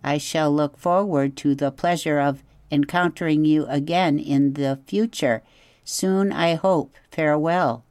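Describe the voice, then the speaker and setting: A woman's voice: sits low, steady tone, unhurried, a little mellow, clear, resonant tone, no room sound. A woman voicing a stiff, overly formal female robot in a storybook reading, stilted and careful. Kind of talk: audiobook character voice.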